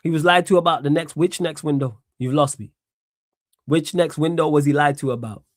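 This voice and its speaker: A man's voice: on the high side, brisk, dry recording, studio quality. Blunt, swearing man streaming solo. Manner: blunt, sarcastic, repeats points emphatically, swears. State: tired. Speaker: streamer host. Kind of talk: solo live-stream sports Q&A.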